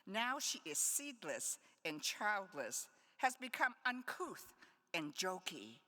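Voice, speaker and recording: A woman poet reads her work aloud at an unhurried pace, her pitch swinging widely through each line. Between poems she drops in playful, wry asides. Her voice carries a long reverb from the hall. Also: very animated, sharp tone. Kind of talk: live poetry reading. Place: conference hall.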